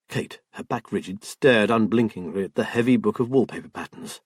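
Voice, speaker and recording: A man reading a crime novel aloud as an audiobook narrator, in a measured storytelling manner. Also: mid-range voice, expressive, darkish tone, slightly rough, no room sound, studio quality. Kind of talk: scripted narration.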